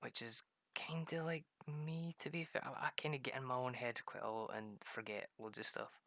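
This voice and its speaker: Scottish man, gaming host, loose and rambling, bright crackly voice. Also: mid-range voice, fairly even intonation, moderate pace, gravelly, dry recording, studio quality. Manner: rambling, laughs often, mimics voices in quoted lines. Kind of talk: casual commentary while playing a farming game.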